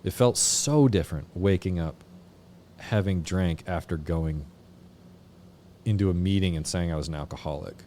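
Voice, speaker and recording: A man from Vermont, a podcast guest, telling his recovery story in a halting way with lots of fillers and swearing. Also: deep voice, warm tone, a little hiss or hum. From Vermont, USA. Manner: halting, many fillers and restarts, frequent swearing. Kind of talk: candid personal recovery story.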